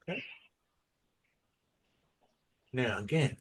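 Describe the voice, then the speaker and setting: A man's voice: medium pitch, sing-song, moderate pace, darkish tone, husky. A man teaching a classroom English lesson, quizzing students on formal words and modeling the stress of each word. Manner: questioning, drills pronunciation by modeling words.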